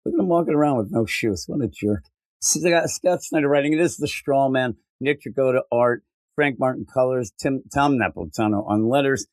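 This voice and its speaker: A man's voice: darkish tone, no echo. Jokey rambling male podcast co-host. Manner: jokey, rambling, acts out characters in a higher voice. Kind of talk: casual comic book review chat.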